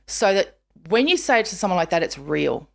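A woman hosting a podcast in casual chat, talking emphatically and dropping to a hush when she quotes someone. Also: on the low side, very animated, brisk, creaky. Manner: chatty, emphatic, drops to a hush when quoting. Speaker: podcast host.

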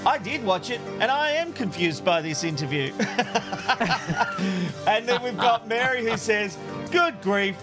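A man's voice: high voice, expressive, a little slow, long pauses, over music. A man hosting a talk show, breezily reading listener messages aloud and laughing often. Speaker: radio talk show host.

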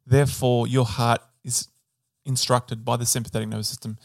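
A man's voice: medium pitch, little pitch movement, a little fast, gravelly, dry recording, clean studio sound. Man explaining physiology casually. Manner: explains with fillers and self-corrections, joking. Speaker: podcast co-host. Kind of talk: casual educational chat.

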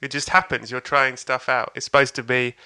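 A man's voice: mid-range voice, level tone, fairly quick, sharp tone, clear, resonant tone. A man, a comedian, telling a story in casual chat, laughing often and acting out voices. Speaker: stand-up comedian guest.

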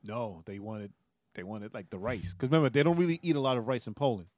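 Casting: young male podcast co-host from Puerto Rico, animated storyteller, close dry mic. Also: mid-range voice, quick pace, no echo. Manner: animated storyteller, laughs often. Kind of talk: casual chat.

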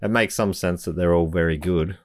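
A man's voice: low-pitched, steady tone, fairly quick, dry recording, studio quality. A man co-hosting a casual album podcast, easygoing and thinking aloud as he talks. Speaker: podcast co-host. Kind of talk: casual chat about albums.

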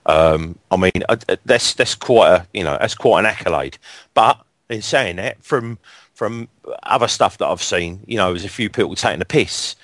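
A man's voice: deep voice, normal speed, a bit bright, no echo. A man hosting a football fan talk show, blunt and sweary, getting worked up about his club. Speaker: radio show host. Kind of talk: casual fan chat.

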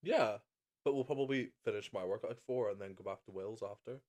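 Chatting casually in an indoor room alongside his co-host, this young podcaster is playful, camp and quick to laugh. He speaks fairly quickly in a lowish, slightly mellow voice.

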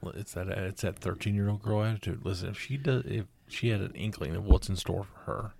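Deep gravelly man co-hosting. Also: fairly quick, darkish tone. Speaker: podcast co-host. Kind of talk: casual chat.

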